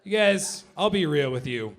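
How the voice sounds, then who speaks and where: A man doing stand-up comedy with mock-serious, deadpan preaching, on a club stage with a handheld mic. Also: fairly high pitch, normal speed.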